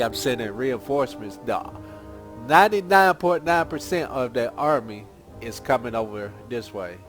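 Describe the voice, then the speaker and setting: A man giving casual, rambling gameplay commentary as a gaming channel host, thinking aloud as he plays. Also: mid-range voice. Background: game music.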